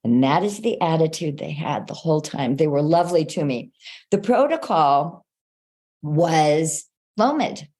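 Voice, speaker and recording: An older woman speaks in a low voice as the guest in an interview. She tells her own story with energy and acts out other people's lines as she goes. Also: lively intonation, measured pace, mellow. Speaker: guest author.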